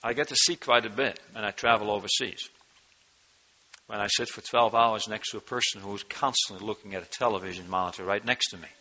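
A man preaching an earnest sermon, his voice rising in pitch and force when he reads from scripture. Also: fairly even intonation, brisk, pushed and bright, muffled recording. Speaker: pastor.

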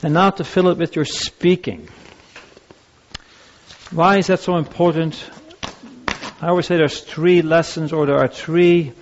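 An older man preaching as a pastor, telling personal stories in a conversational, anecdotal way with frequent restarts. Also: a little high. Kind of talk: sermon on grief and listening. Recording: dull lo-fi recording.

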